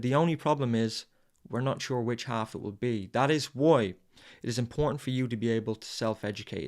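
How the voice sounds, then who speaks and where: A man hosting a podcast, delivering an intense, profane motivational monologue. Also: mid-range voice. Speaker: podcast host.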